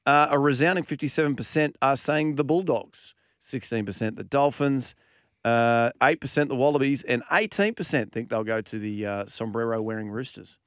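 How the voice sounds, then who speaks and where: A man's voice: mid-range voice, normal speed, no room sound, clean studio sound. Easygoing Australian man on a podcast. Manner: easygoing, reads stats with jokey asides. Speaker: podcast co-host. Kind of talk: casual sports chat.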